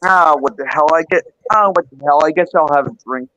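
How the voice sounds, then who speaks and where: A teasing man joins a casual chat among friends. His voice is bright and a touch high. The audio comes through dull and lo-fi. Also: brisk. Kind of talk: casual group video chat.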